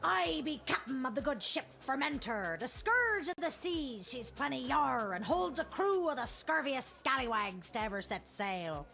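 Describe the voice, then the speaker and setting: A woman's voice: sits high, big pitch swings, moderate pace, gravelly, few pauses, pushed and bright, exaggerated voice. A woman voicing a boisterous female pirate captain in a video game, full of hearty pirate slang and growly laughs. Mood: boastful. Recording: game audio with faint music.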